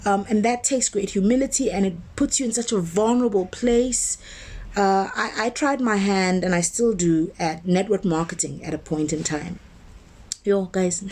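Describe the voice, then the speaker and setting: A woman minister delivering a motivational sermon in a conversational, emphatic way. Her pitch is average for a woman, and she slows down and repeats phrases to drive each point home. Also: a little mellow, a little hiss or hum. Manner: conversational and emphatic, slowing to stress key words; builds points through repetition. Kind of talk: motivational sermon-style talk.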